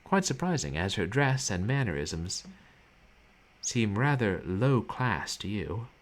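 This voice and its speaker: Brief: low-voiced, animated man riffing wryly on a game stream. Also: slow pace. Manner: wry, musing asides. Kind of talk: casual game commentary.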